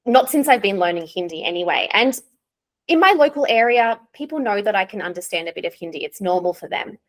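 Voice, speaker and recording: A woman's voice: mid-range voice, animated, a little fast. A young woman with an Australian accent, an English teacher chatting candidly in an interview and laughing often. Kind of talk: casual interview chat.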